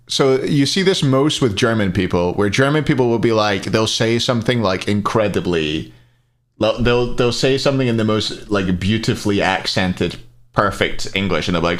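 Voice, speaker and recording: Casually commentating an esports match on a live stream, a man with a fairly low voice rambles between plays and reads out answers to chat questions. He speaks at a normal speed with lively intonation.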